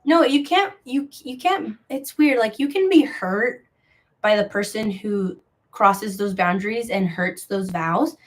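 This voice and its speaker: A woman's voice: mid-range voice, unhurried. A young woman hosting a crochet live sale, chatting casually in a rambling, gossipy way full of filler words. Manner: rambling, filler-heavy, with many likes; gossipy and frank. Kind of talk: casual live-stream chat.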